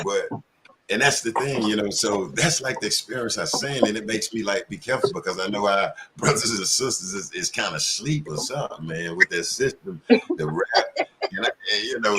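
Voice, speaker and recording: A man's voice: lowish voice, animated, moderate pace, very noisy. A man in casual panel talk, telling loose, profane stories full of slang. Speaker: community panelist.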